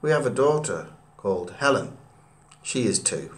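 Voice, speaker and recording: Man reading young married father from an island, fast script read, plain delivery. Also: medium pitch, big pitch swings, slight background noise, voice pushed down, lightly acted.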